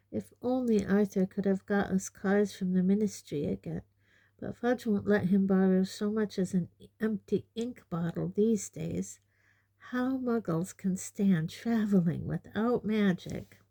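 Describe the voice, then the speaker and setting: A woman's voice: creaky, warm tone. Woman doing Mrs Weasley, fretful mother witch. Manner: fretful, hurried, high-pitched. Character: fussing, anxious middle-aged mother witch.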